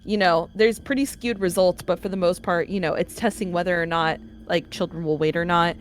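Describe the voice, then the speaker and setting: A woman with a lower voice, chatting in a tabletop game. She explains her points at length, with casual fillers. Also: fairly even intonation, fairly quick, a little hiss or hum. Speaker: player.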